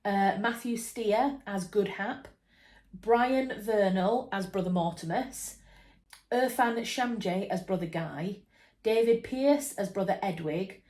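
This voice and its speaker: A woman's voice: mid-range voice, slow pace, darkish tone. A woman from England chatting enthusiastically to camera about a book adaptation, with frequent fillers and restarts. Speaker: book vlogger. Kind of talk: casual chat to camera.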